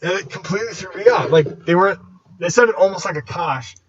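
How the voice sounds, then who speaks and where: A man's voice: sits high, lively intonation, a little fast. A young man co-hosting a casual podcast, joking and chatty, full of "like". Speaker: podcast co-host. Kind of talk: casual chat. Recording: lo-fi audio with crowd noise behind.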